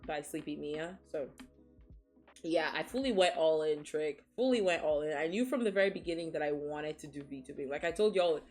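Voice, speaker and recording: A woman's voice: low-pitched, a little mellow. A woman streamer from Nigeria in casual chat, frank and swearing freely, laughing often as she reads chat, sniffling after crying.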